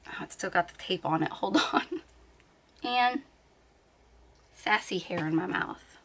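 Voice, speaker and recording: Lying in bed at home, a beauty vlogger chats casually to the camera, thinking aloud and laughing often. Her voice sits on the low side with vocal fry and a fairly bright tone, and she sounds animated but unhurried.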